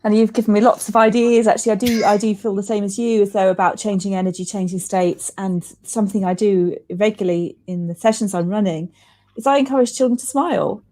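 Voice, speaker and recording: A woman's voice: mid-range voice, fairly even intonation, fast, dark tone. A woman hosting an interview, talking in a chatty, encouraging way with many restarts. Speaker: host. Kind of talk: casual interview chat.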